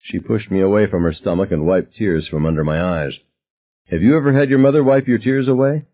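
Low, husky male audiobook narrator. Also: brisk, phone-quality sound. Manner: wry, reflective first-person storytelling.

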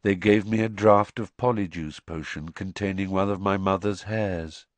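A man voicing a dazed young man confessing in a flat, expressionless monotone. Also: on the low side, a little slow, dry recording, close to an everyday voice. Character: young man under truth potion, dazed and hollow.

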